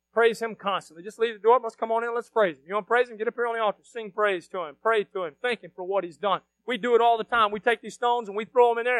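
Fiery high-voiced preacher man. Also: no echo. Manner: fiery, shouting bursts then dropping low. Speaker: pastor. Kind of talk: sermon. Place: church sanctuary.

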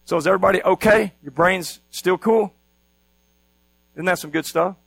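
A man's voice: sits high, moderate pace, vocal fry, fairly bright tone, no room sound, rough recording. A man preaching a sermon as pastor, teaching with energy and often asking the congregation questions.

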